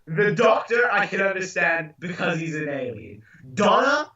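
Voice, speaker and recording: A man's voice: high-pitched, sing-song, normal speed, bright, forceful tone. A young man ranting about a TV episode, exasperated and sweary, in a casual podcast. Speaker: podcast co-host. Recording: echoey, distant, dull-sounding room mic.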